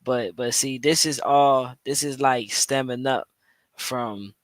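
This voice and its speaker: A man's voice: mid-range voice, fairly even intonation, slow pace, no room sound. A man hosting a podcast, reacting to a played clip in casual, slangy commentary full of restarts and repetition. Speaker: podcast host.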